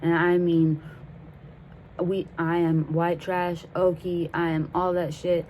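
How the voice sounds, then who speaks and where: Brief: young woman in her twenties, lowish voice, casual swearing storyteller, faint background noise. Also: little pitch movement, takes it slowly, a little mellow, rough recording. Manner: profane, rambling, laughs while telling. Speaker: vlogger.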